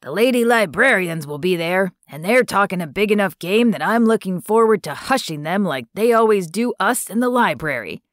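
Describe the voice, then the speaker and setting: A woman's voice: medium pitch, animated, normal speed, few pauses, no room sound, studio quality, natural voice. A woman voicing a cranky, competitive old man in an audiobook. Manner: cranky, grumbling.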